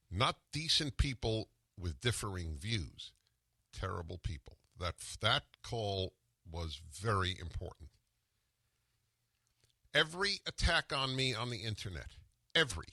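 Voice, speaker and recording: A man's voice: lowish voice, sharp tone, no room sound, studio quality. An older man hosting a talk radio show, arguing with a caller and then delivering emphatic, combative commentary.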